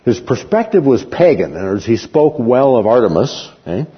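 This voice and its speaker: A man teaching a Bible class in a lively, conversational way, often checking in with his listeners, on a muffled recording in a reverberant hall. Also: medium pitch, fairly quick.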